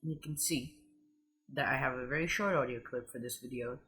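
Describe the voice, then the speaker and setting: A man hosting a screen-recorded software tutorial, explaining step by step and leaning on "so" between steps. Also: medium pitch, brisk. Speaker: tutorial host.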